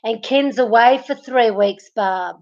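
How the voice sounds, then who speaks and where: A woman hosting a casual late-night livestream from her bed, chatting with viewers by name and laughing a lot, her voice getting hoarse. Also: on the high side, slow pace, darkish tone, dull audio. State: losing her voice. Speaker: livestream host. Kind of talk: casual live chat reading comments. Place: at home, in bed.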